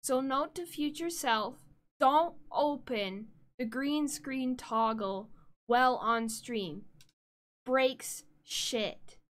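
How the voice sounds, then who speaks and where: A woman livestreamer chatting casually and directly to her viewers, flustered and talking things through out loud. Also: high-pitched, extremely slow. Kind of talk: casual live-stream chat.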